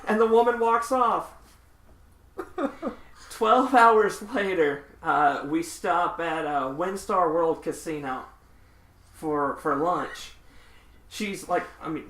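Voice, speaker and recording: A podcast host, a man with a bright, slightly high voice, recounts tour stories with energy. He voices the people in the stories as he goes, and his laughter breaks in now and then. The sound is roomy and echoey. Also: takes it slowly. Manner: animated, laughing raconteur who acts out the people in his stories. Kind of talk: casual storytelling chat. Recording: echoey room.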